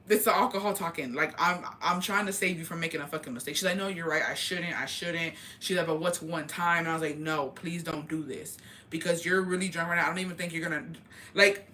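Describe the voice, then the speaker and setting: Young woman vlogger with a bright voice, dishing gossip in storytime style and playing every quoted line herself. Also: lowish voice, fast talker, slight background noise. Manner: animated, profane, acts out quoted dialogue.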